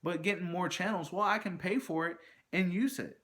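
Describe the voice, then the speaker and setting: Guy ranting about a support call, bright sharp voice, super animated and fed up. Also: high voice, normal speed. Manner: animated, exasperated, acts out both sides of a phone call. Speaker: vlogger. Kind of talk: ranting storytime monologue.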